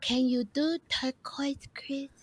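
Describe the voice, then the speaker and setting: A woman's voice: high voice, steady tone, takes it slowly. A woman putting on the voice of a sweetly bossy socialite, airy and drawn out, on a comedy podcast. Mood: airy demanding. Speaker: podcast co-host.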